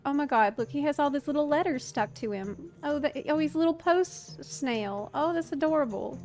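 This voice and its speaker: While playing a game, a high-voiced young woman streams lively, casual commentary, talkative and occasionally cursing.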